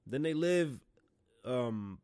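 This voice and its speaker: A man's voice: mid-range voice, lively intonation, very slow, a little mellow, smooth. Blunt profane man ranting on a podcast. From Las Vegas, Nevada. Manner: blunt and profane, heated bursts. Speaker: podcast host. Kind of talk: opinionated monologue.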